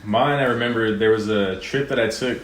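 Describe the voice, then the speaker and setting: Young male podcast co-host, quick delivery, mid-pitched, roomy sound, animated and profane. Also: slight background noise. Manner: animated storytelling, voice jumping up for quoted outbursts, swearing. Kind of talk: casual chat, drunk story. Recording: echoey room.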